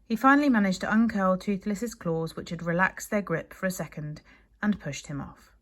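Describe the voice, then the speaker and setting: Lively woman teacher reading a story aloud. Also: fairly low pitch, normal speed. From United Kingdom. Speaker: primary school teacher. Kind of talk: reading a children's book aloud to a class.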